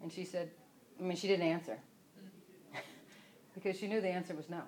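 A woman's voice: fairly low pitch, steady tone, fairly quick, darkish tone. A woman teaching from the Bible in a casual, rambling devotional style. She often breaks off and restarts her sentences. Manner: chatty, rambling, self-interrupting.

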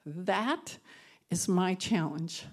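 Woman, devotional speaker, earnest and conversational, emotional, moves between soft and loud. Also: fairly low pitch, animated, extremely slow. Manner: emotional, tearful at times, laughing through tears. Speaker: women's Bible study speaker. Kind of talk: personal devotional talk with prayer.

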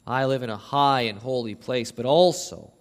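A man preaching an expository sermon with passion. He repeats words as he builds a point, swings between near shouts and low slow passages, and reads scripture aloud. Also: long reverb tail. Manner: impassioned, rising to near shouts on quoted verses, then dropping low and slow.

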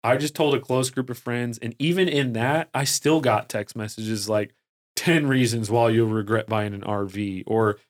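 A man talking as a podcast guest in a casual, energetic way, full of fillers and restarts. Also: mid-range voice, normal speed. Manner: energetic and excitable, heavy use of "like" and fillers. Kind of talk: casual conversational storytelling.

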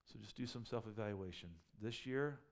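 A man's voice: fairly low pitch, normal speed. A man preaching a sermon as a pastor, conversational and full of rhetorical questions, building up to emphatic peaks.

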